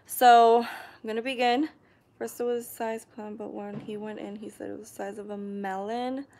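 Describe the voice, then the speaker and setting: A woman casually chatting on a live stream, reading viewer comments aloud and often clearing her throat. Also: medium pitch, little pitch movement, normal speed, darkish tone, a little hiss or hum. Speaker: vlogger hosting a live stream.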